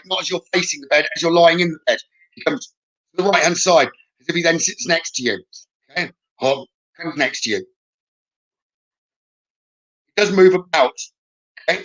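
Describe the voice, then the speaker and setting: A man giving a live mediumship reading, his voice bright and a little higher than most men's. He speaks in a reassuring way and keeps checking in with the listener. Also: poor audio. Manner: reassuring, often checks in with "okay?". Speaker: psychic medium.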